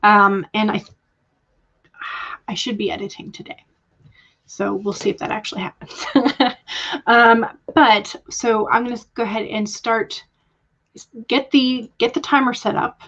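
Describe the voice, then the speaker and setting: A woman's voice: fairly high pitch, fairly even intonation, unhurried, long pauses, a bit bright. Young Southern woman, casual stream host, friendly chatter, muffled lo-fi audio. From Georgia, US. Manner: chatty, greets viewers by name, laughs often. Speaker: livestream host. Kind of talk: casual livestream chat.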